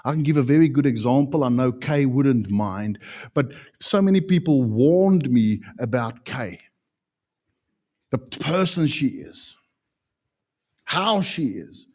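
Male pastor, emphatic sermon delivery, lively swinging intonation. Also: medium pitch, takes it slowly, pauses often. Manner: animated, emphatic preaching with sudden loud peaks.

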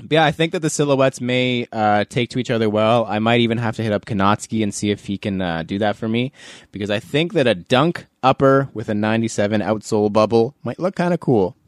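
Male podcast host, jokey and quick to laugh, dry close mic. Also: on the low side, no echo. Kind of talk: casual podcast chat.

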